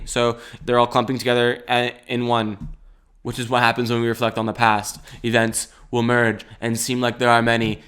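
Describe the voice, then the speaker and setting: A man in his twenties talks alone on his podcast at an average pitch for a man. His delivery is loose and rambling, full of jokes, swearing and frequent laughs. He sounds like he is thinking out loud as he goes. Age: 20s. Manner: rambling and jokey, laughs often, swears casually. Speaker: podcast host. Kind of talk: solo comedic podcast monologue.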